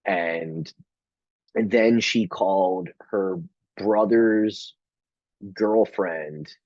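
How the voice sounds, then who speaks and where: A man's voice: sits low, very slow, darkish tone, dry recording. A male comedian hosts a podcast, telling a story in a casual, rambling way. He stumbles into restarts and swears freely. The sound is dry and a little muffled. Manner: rambling, stammering restarts, profane.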